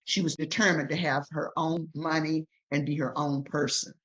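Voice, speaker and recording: A woman's voice: low voice, normal speed, muffled recording. An older woman, a guest in an interview, telling her life story emphatically and acting out what others said. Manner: emphatic, animated retelling with voiced quotes. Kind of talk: storytelling in conversation.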